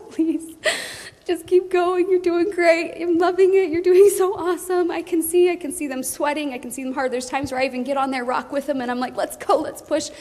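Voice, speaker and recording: A middle-aged woman leading a motivational team training for a live audience, animated and laughing often, acting out quotes in a high excited voice. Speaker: team leader speaking at a training. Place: meeting hall with audience. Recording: reverberant hall from a room mic.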